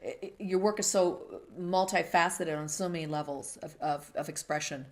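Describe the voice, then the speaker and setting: A middle-aged woman hosting an interview, telling a story in a casual, animated way and acting out the voices she quotes. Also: on the low side, moderate pace. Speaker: host.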